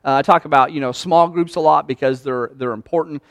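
Male pastor, high voice, dry close sound; conversational, animated sermon delivery. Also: a little fast, dry recording. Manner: conversational, animated, acts out quoted lines.

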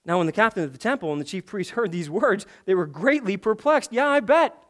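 High-voiced emphatic male preacher. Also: big pitch swings, fairly quick. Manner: emphatic, swings between loud urgent passages and hushed intimate ones; conversational asides and rhetorical questions. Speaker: pastor. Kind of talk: sermon.

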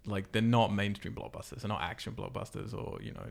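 Creaky-voiced man hosting a podcast. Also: on the low side, steady tone, fairly quick. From England. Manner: laughs often, chatty, frequent "like" and "uh". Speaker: podcast host. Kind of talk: casual chat.

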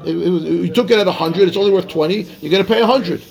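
A man teaching a casual Talmud class, explaining quickly and checking in with his students. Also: sits high, vocal fry, music in the background. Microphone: class microphone.

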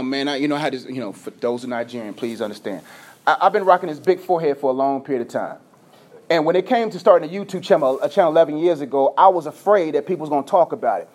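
A man preaching a sermon as a pastor, energetic, dropping from loud to hushed, sometimes stuttering and tripping over his words. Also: on the high side.

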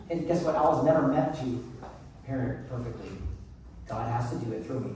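A man's voice: a little high, brisk, mellow, slight background noise. A male pastor giving a conversational, earnest sermon with frequent restarts. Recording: echoey room, mic at a distance.

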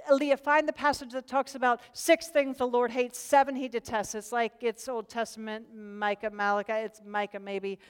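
A woman teaches a group Bible study in an earnest, questioning way, often repeating a word before her thought comes out. Her voice sits a little high and sounds smooth and clear. A long reverb trails behind it. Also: flat delivery, moderate pace, few pauses.

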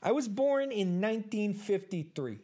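A performer playing a rambling baby-boomer man in his seventies at an awkward interview, talking haltingly with lots of fillers. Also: animated, dark tone, lightly acted. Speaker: interview guest. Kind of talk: improvised comedy interview.

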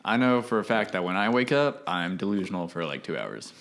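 A man's voice: deep voice, sing-song, fairly quick, creaky, fairly bright tone, a little hiss or hum. A man co-hosting a podcast in casual chat, playful and giggly. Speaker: podcast co-host.

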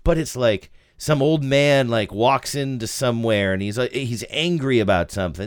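A man co-hosting a casual chat show, animated and self-mocking. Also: moderate pace, clean tone, no echo, studio quality. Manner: animated, self-mocking, bursts into silly high impressions. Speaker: podcast co-host.

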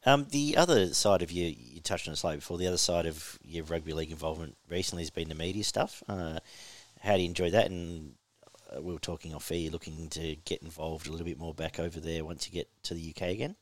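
A man hosting a casual interview, asking relaxed, rambling questions. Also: low voice, fast, dry recording. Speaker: podcast host.

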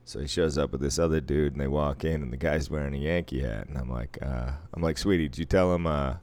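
A man from Boston with an extremely deep, low voice, chatting casually as a podcast co-host. He tells stories with a teasing, wisecracking manner. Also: steady tone, quick pace, darkish tone, no echo. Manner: teasing storyteller. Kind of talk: casual chat.

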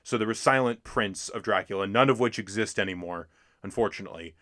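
A man's voice: on the low side, fast talker, pushed and bright, no room sound, clean studio sound. A man co-hosting a podcast, chatting casually about old films with many fillers and restarts. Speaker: podcast co-host. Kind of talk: casual film discussion.

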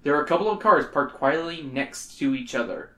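A man reading a choose-your-own-adventure book aloud to friends, animated and tossing in joking asides. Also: fairly high pitch, a little fast. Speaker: game reader. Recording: roomy echo.

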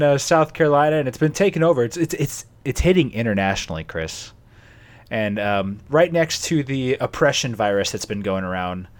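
A man co-hosting a comedy podcast, rambling through mock-serious warnings with laughs and fillers. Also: fairly low pitch. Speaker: podcast co-host.

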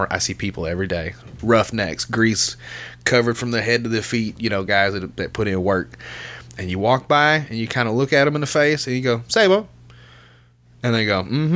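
A man, a guest on a podcast, telling stories in a teasing, animated way and swearing casually. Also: lowish voice. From American South.

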